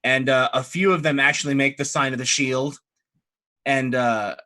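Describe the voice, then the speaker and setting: A man runs a tabletop game and narrates the scene in a relaxed, descriptive way. His voice is bright. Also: mid-range voice, moderate pace. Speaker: game master.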